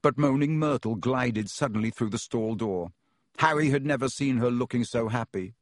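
A man narrating an audiobook with steady storytelling. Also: mid-range voice, normal speed, dry recording, clean studio sound. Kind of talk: scripted narration.

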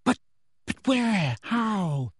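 A man's voice: high-pitched, very animated, drawn-out words, husky, no echo, clean studio sound, voice pushed up, full character voice. A man reading aloud and voicing an anxious, insistent teenage witch girl who pleads and reasons hesitantly. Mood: worried.

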